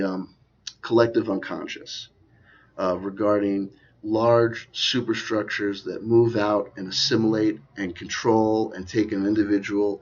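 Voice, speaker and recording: A man delivering a rambling, sardonic commentary with frequent asides, recorded in a dull lo-fi quality. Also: on the low side. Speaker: video commentator. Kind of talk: rambling conspiracy commentary vlog.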